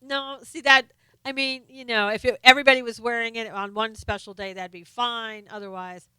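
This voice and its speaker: Chatty woman streamer with a bright, crisp voice. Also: a little high, fairly even intonation, normal speed, no room sound. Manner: chatty, hesitant with many fillers and restarts. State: losing her voice. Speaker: live stream host reading viewer comments. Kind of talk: casual live-stream chat.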